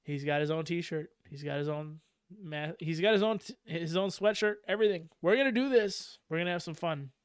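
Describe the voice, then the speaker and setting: A male podcast host with a smooth, slightly high voice, talking fast and loose with plenty of swearing and laughter. The close, dry recording leaves almost no room sound. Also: no echo. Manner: animated, profane, laughs often. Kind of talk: casual podcast chat.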